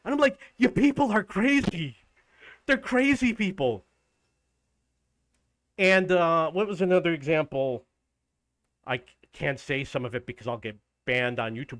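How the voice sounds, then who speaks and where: A man's voice: fairly high pitch, fairly bright tone, no room sound. A man in his fifties ranting indignantly about his day in a casual vlog, quoting people in an exasperated raised voice. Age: 50s. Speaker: vlogger.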